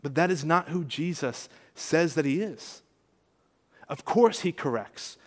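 A man preaching a sermon, earnest and conversational, rising to emphatic peaks and dropping soft. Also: a little high, expressive, measured pace, long reverb tail. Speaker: pastor.

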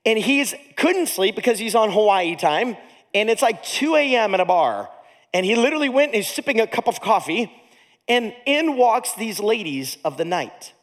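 A male pastor tells a story from the pulpit with a high, very lively voice that leaps up and drops low. His delivery is comic and animated, with big swings in volume, and it rings out through a large hall with a long echo. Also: moderate pace. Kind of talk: storytelling sermon.

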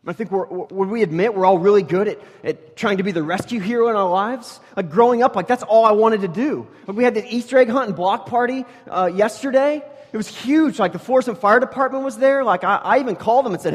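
A man with a notably high voice preaches from the pulpit, his words trailing off into the long reverb of a church hall. He swings between loud, emphatic declarations and near-hushed intensity. He keeps the congregation close with joking asides and stories. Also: quick pace, hardly any pauses. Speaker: pastor. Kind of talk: sermon. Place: church sanctuary.

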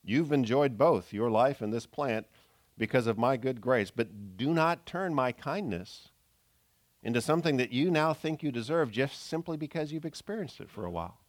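A man preaching a sermon in an earnest way, moving between loud emphasis and soft, low asides. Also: lively intonation, normal speed. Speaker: pastor.

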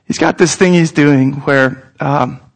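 A man's voice: on the high side, fairly even intonation, slow, vocal fry. A man in his thirties, a pastor, preaching a sermon in an earnest, conversational way that speaks straight to his listeners.

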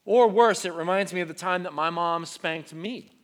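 A young man preaching a sermon to teenagers from a stage, earnest and conversational, dropping to quiet emotional tones. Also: fairly high pitch, level tone, normal speed. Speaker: youth pastor.

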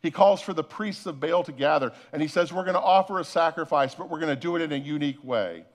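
A male pastor preaching a sermon, retelling a scripture story with lively, acted-out voices and asides to the congregation. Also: on the high side, quick pace. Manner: animated storytelling preacher, acts out voices, addresses the congregation as folks.

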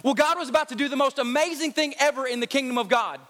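Preacher guy, real high tense voice, kinda sings his lines, big echoey sanctuary. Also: rapid-fire, bright, forceful tone. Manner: preaching with rising fervor and sung cadences. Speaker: pastor. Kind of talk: sermon. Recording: long hall reverb.

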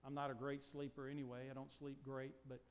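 An older man preaching a sermon, moving from quiet, reflective talk to slow, emphatic declarations. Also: mid-range voice, monotone, slight background noise. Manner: preaching, swings from hushed to emphatic, stretched slow phrases. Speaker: pastor.

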